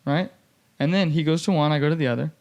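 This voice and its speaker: A man's voice: a little high, fast talker, muffled recording. A young man hosting a podcast, telling a story in casual chat and acting out the people he quotes, with many fillers. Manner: animated, acts out quoted voices, many "like" fillers.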